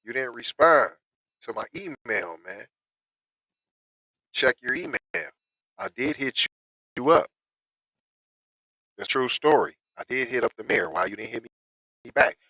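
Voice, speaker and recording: A man reads news aloud and riffs on it in loose, slangy commentary. His voice is bright and forceful, his delivery unhurried but prone to excited bursts. He is recorded on a close mic in a dry, deadened room. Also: mid-range voice, husky, no echo, poor audio. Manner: animated, slangy, breaks into excited outbursts. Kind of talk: casual reaction commentary.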